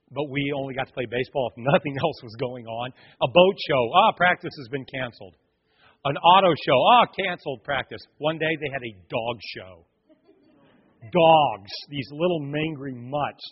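A man preaching a sermon, telling stories with lively acted voices and loud shouts. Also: mid-range voice, normal speed, husky. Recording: echoey hall, dull lo-fi sound.

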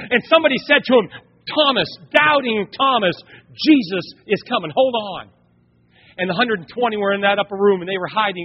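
Male pastor with a high, husky voice, preaching with big swings between hushed and shouted; dull, echoing church sound. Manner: animated, swings from quiet storytelling to loud exhortation. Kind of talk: sermon. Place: church sanctuary. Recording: dull sound, long hall reverb.

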